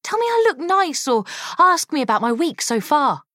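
Sharp-tongued sister, sarcastic, lively pitch, dry close sound, woman narrating. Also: normal speed, dry recording, heavily acted. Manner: sarcastic, muttering through clenched teeth.

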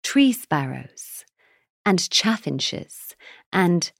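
Woman playing a know-it-all boy next door, slow and creaky, storybook. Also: fairly low pitch, expressive, darkish tone, no room sound, studio quality. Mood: indignant. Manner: fussy, corrects others precisely. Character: indignant young boy neighbor, bird-loving dog owner.

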